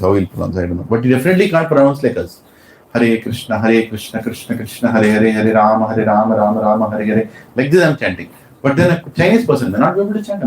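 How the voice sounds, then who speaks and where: A man's voice: medium pitch, a little mellow, slight background noise. A man teaching a class of devotees, quizzing them with questions and stressing his points. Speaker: spiritual teacher. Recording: echoey room.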